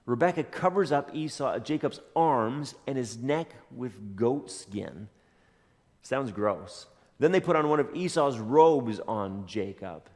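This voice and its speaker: Man, pastor, casual storytelling sermon, mid-range voice, long echo of a church hall. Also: medium pitch. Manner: conversational storytelling with dry jokes. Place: church sanctuary.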